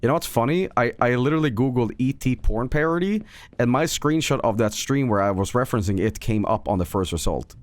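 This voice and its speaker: A man's voice: mid-range voice, lively intonation, fairly quick, no room sound. A man streaming a game, chatting casually while rambling, swearing and laughing often. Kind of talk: casual livestream chat while gaming.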